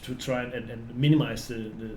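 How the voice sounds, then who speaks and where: A man's voice: mid-range voice, steady tone, fast talker, crowd noise. A middle-aged man, a game director, chatting casually on a developer stream, hesitant with many restarts. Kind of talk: casual dev stream chat.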